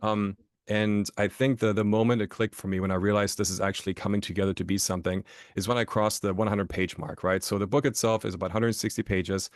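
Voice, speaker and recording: A man's voice: fairly low pitch, steady tone, fast, no echo, studio quality. A man from Germany, a podcast guest and author, telling stories in a casual interview, often restarting phrases and checking in with "right?".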